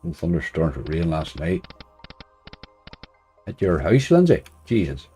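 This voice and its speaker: A man's voice: very deep voice, wildly swooping pitch, measured pace, husky, soft background music. A man chatting casually on a live stream, greeting viewers and joking wryly while he plays. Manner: wry, laughs softly at his own remarks.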